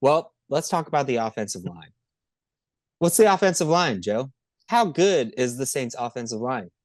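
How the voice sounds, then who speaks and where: A man co-hosting a podcast, chatting casually about football in an excitable, profane, rambling way. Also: mid-range voice, moderate pace, no room sound, clean studio sound. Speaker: podcast co-host. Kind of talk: casual sports chat.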